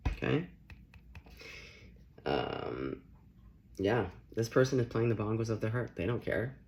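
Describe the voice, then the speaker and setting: A young man gives a loose, joking tarot reading and keeps breaking into laughter. His voice is low with a gravelly edge. His pitch rises and falls widely as he talks. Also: a little slow. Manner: playful, laughing, animated. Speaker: tarot reader. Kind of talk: casual tarot reading vlog.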